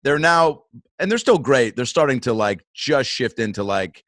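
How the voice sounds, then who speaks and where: A man's voice: medium pitch, lively intonation, moderate pace, fairly bright tone, dry recording. A dry-sounding man hosting a podcast. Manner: loose, playful banter with quoted asides. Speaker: podcast host. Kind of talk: casual chat.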